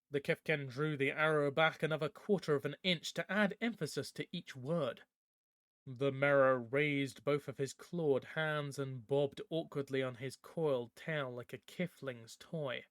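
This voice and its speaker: A man narrating a fantasy audiobook in a steady storytelling manner. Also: medium pitch, measured pace, no echo, clean studio sound.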